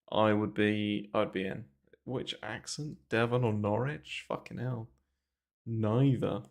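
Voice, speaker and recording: Low gravelly Englishman on a livestream. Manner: rambling, filler-heavy, swears casually. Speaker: crypto trading streamer. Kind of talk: casual livestream market commentary. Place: small bare room. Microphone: desk mic moved close to mouth.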